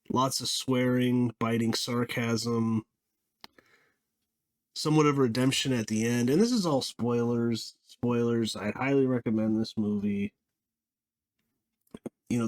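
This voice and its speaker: A man with a medium-pitched voice gives a casual spoken film review. He rambles and halts, frequently restarting his sentences and letting out small laughs.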